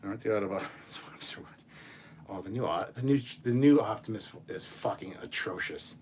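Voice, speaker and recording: A man hosting a casual chat show, reading viewer messages and ranting in an animated, profane way. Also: lowish voice, normal speed, slight background noise. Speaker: channel host.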